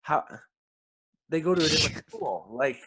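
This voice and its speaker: A man's voice: a little high, lively intonation, normal speed, a bit bright, breathy edge. A man co-hosting a film podcast, chatting casually and with strong opinions, often repeating his first words as he starts a sentence. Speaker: podcast co-host. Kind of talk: casual film review chat.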